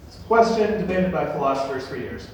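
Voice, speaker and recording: A young man performing a stand-up comedy set with a dry, deadpan delivery that builds to punchlines. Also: a little high, fast talker, muffled recording. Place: comedy venue stage. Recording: echoey room, distant mic, faint noise.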